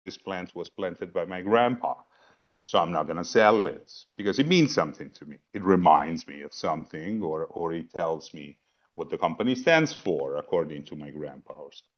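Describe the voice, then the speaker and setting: A man's voice: low voice, lively intonation, normal speed. A man giving a philosophy talk on a video call, thinking aloud with repeated words and asides. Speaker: panel presenter. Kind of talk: philosophy talk in a virtual program. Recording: dull lo-fi video call audio.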